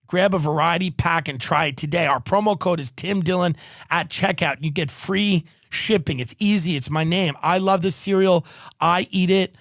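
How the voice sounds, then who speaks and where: A man's voice: fairly high pitch, normal speed, fairly bright tone, dry recording. A male podcast host doing a rambling, sarcastic comedic ad read, full of profanity.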